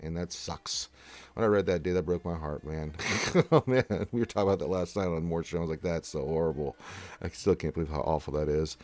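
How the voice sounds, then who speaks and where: Low-voiced man hosting a casual stream. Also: fairly quick, a little mellow. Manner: reads chat aloud and greets viewers, chatty with many fillers. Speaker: livestream host. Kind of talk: casual livestream chat.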